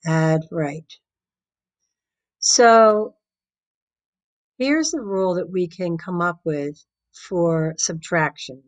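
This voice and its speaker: A woman math teacher explaining a lesson step by step, patiently counting out loud and using playful everyday examples. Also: fairly low pitch, low-quality recording.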